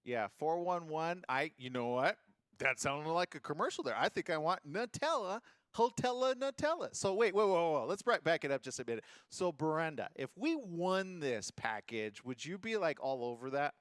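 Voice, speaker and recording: A man's voice: fairly high pitch, moderate pace, clean tone, no echo. A man hosting a morning show, chatting casually and joking through the news. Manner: lively, jokey, animated delivery.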